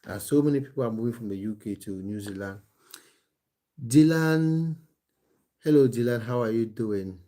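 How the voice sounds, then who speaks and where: Recording on his phone at home in England, a football coach and streamer reads viewer comments in a chatty, casual live stream. His soft, mellow voice is medium-pitched at normal speed, with frequent pauses, many restarts, and plenty of ums.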